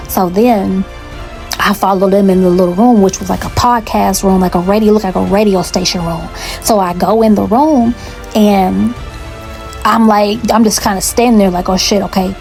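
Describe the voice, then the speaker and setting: A woman telling a personal story in a casual, animated way, acting out the dialogue and swearing freely. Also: medium pitch.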